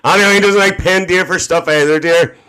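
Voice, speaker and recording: On a phone livestream, a man with a Northern Irish accent plays a cheeky, gossiping middle-aged auntie, chatting away, reading viewer comments aloud, calling everyone "dear" and laughing a lot. His voice sits high and is steady, fairly quick, bright, forceful and smooth.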